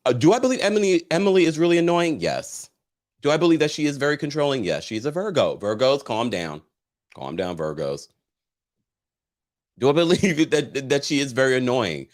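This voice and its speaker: Animated man recapping reality TV. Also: on the high side, fast. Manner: animated, chatty, reads viewer comments aloud and laughs often. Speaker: host. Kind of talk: casual reality TV recap livestream.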